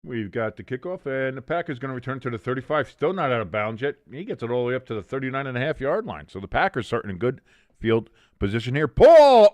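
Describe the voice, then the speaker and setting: A man's voice: medium pitch, no echo, clean studio sound. A man hosting a sports watch-along stream, chatting casually with chat and calling the plays in a rambling way with many restarts.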